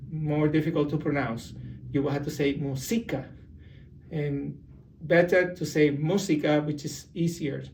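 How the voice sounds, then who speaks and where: Brief: male teacher, higher-pitched voice, patient and explanatory, slightly off-mic at a whiteboard. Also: darkish tone, recorded from a distance, a little hiss or hum. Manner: slow, explanatory, repeats example words. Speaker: Spanish teacher. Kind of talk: beginner language lesson. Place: room with a whiteboard.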